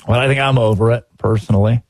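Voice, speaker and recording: A man hosting a sports talk show, giving opinionated commentary in an animated, exasperated way and acting out quotes. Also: medium pitch, fast talker, no room sound.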